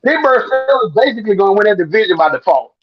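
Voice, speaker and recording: A man co-hosting a podcast in casual sports talk, animated and teasing, repeating lines for emphasis. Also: sits high, quick pace, dull audio. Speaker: podcast co-host.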